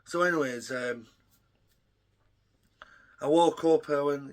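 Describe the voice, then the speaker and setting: A man's voice: fairly high pitch, takes it slowly. A young man telling a rambling, profane story in a casual vlog, full of ums and uhs. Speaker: vlogger.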